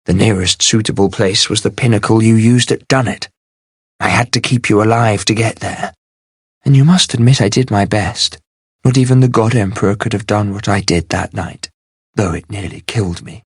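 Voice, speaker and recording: A man's voice: fairly low pitch, steady tone, moderate pace, husky, no room sound, clean studio sound. A man voicing a proud, secretive sorceress in an audiobook, speaking in a cold, guarded, weary way. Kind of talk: audiobook character voice.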